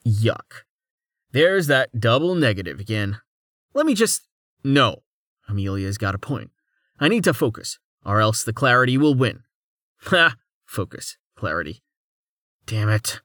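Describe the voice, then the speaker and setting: A man's voice: medium pitch, sing-song, unhurried, pauses often, fairly bright tone, no echo, studio quality. A man voicing a curious, playful young male mage who thinks aloud in a fantasy audiobook. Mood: distracted.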